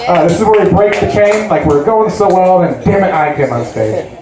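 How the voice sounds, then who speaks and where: A man's voice: high voice, animated, moderate pace, music in the background. A man from Chicago doing a self-deprecating stand-up comedy set, with many likes and uhs. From West Side Chicago. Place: comedy club stage. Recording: echoey comedy club sound. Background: audience laughter.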